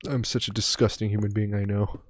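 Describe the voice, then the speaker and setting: A man's voice: on the low side, level tone, a little fast, slight background noise. A young man streaming a game in casual commentary, joking and rambling with self-mocking asides.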